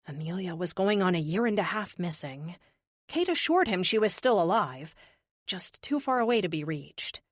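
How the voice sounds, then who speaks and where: A woman narrating an audiobook with a lively, expressive reading. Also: lowish voice, moderate pace, no room sound, studio quality. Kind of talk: scripted narration.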